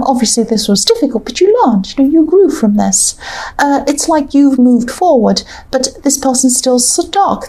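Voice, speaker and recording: A woman's voice: fairly high pitch, dark tone. A woman doing a casual tarot reading to camera, thinking aloud in a rambling, hesitant way with many fillers. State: has the hiccups. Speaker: tarot reader.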